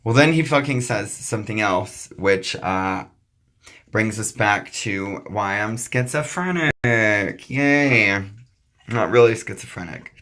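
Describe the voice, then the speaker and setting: A young man vlogging casually, telling a personal story with profane jokes and quick asides. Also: lowish voice, bright, forceful tone.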